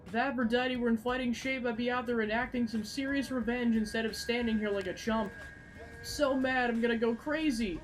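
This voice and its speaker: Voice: mid-range voice, steady tone, fairly quick, close to an everyday voice, low-quality recording. A gamer doing a whiny hot-headed young man. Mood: sulking. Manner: whiny and indignant. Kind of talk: reading game dialogue aloud.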